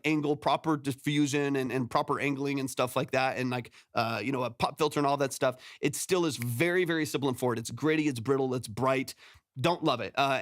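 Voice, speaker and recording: A man's voice: mid-range voice, dry recording. A male music producer giving casual, rambling mix feedback on a livestream from his home studio, speaking close to a compressed studio microphone. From San Antonio, Texas. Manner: rambling, self-correcting, often tags "right?".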